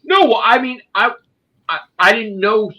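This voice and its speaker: A man's voice: high-pitched, lively intonation, unhurried, sharp tone, rough recording. An American man ranting in a casual chat, swearing a lot. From United States.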